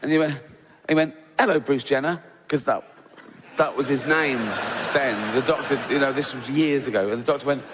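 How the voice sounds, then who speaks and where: A man performs stand-up, circling back through rambling asides and laughing along with his own jokes. His voice is medium in pitch. It rings out across a large reverberant hall with clear audience noise. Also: moderate pace. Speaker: stand-up comedian. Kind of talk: stand-up comedy.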